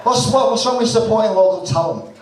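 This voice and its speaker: Lancashire comedian in an echoey club. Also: male voice, high voice, fairly quick. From Lancashire, northwest England. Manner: blunt, sweary, self-mocking banter. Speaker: stand-up comedian. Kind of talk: stand-up set. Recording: roomy club recording from far off, crowd audible. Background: audience laughter.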